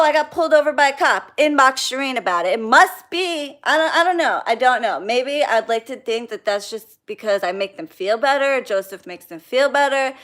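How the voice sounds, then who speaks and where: A woman's voice: on the high side, fairly bright tone. A young woman hosting a casual livestream, venting bluntly about clients, swearing freely and greeting viewers by name. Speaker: spiritual practitioner hosting a livestream.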